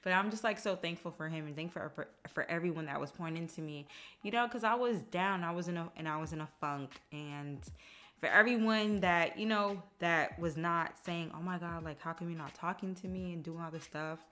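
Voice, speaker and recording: Low-voiced woman chatting on her podcast. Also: a little fast. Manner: chatty, emotional, quotes others in animated voices. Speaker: podcast host. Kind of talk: casual personal monologue. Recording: faint music behind.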